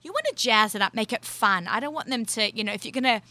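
A woman's voice: a little high, expressive, fast talker, sharp tone. A middle-aged woman guest on a talk show, explaining in a rambling, filler-heavy casual chat.

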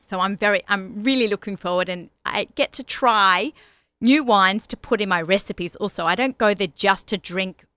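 A woman's voice: mid-range voice, moderate pace, bright, forceful tone, no echo. A middle-aged woman with an Australian accent, hosting a radio show in a chatty, laughing manner. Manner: chatty, laughs often, self-correcting. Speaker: radio host. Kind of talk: casual chat.

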